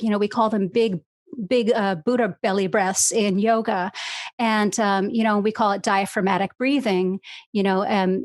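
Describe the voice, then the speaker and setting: A woman's voice: mid-range voice, dry recording. Woman guest, voice coach; easygoing explainer, fillers everywhere, video-call audio, dry. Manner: explains fluidly with many fillers like "you know" and "right". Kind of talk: casual podcast conversation.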